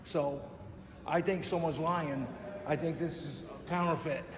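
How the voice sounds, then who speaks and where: A man's voice: on the high side, unhurried, crowd noise, lightly acted. A man putting on a dim-witted, brash fat guy character with a dopey voice, filmed outdoors. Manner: dopey put-on voice, goofy deadpan jokes. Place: outdoors at a museum.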